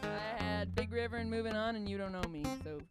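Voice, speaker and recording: A woman's voice: mid-range voice, a little fast. A woman co-hosting a casual chat who speaks thoughtfully and joins in on the choruses. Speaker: co-host and harmony singer. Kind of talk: casual chat and backing vocals. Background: acoustic guitar.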